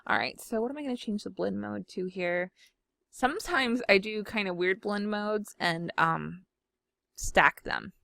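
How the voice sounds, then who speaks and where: A woman chats through a software demo from home. She rambles in a friendly, self-deprecating way and laughs at herself often. Her voice sits at an ordinary pitch and sounds close and dry on the mic. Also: a little slow, creaky, no echo. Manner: chatty, self-deprecating, giggly. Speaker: scrapbooking video host. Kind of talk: casual chat while demonstrating software. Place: home room.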